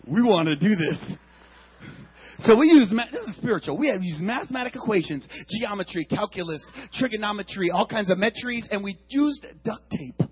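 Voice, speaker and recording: A man telling a comic story on stage, acting out noises and shouting with big energy in a husky voice. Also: high-pitched, a little fast, highs cut off. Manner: animated, acts out sound effects and shouts. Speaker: comedian. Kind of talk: stand-up storytelling.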